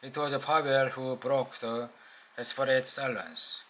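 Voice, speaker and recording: A man with a Korean accent reading a novel aloud, slow and halting with small slips. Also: mid-range voice, sharp tone, rough recording. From South Korea.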